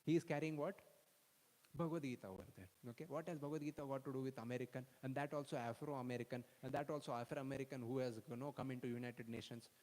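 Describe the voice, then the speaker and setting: A man's voice: mid-range voice, fast talker, darkish tone, big-room sound, rough recording. A man giving a storytelling sermon to young people, constantly checking in with "okay?" and "no?". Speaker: speaker at a youth festival.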